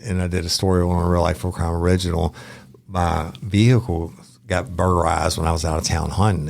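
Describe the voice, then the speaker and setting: A former detective co-hosting a podcast, telling a profane, blunt story in casual chat. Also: male voice, low voice, vocal fry, a little mellow, dry recording.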